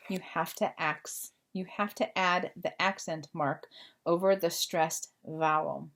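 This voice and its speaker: Woman, teacher, slow unhurried delivery, patient explaining, fillers. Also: lowish voice, fairly bright tone. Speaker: Spanish teacher. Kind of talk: recorded remote class lesson.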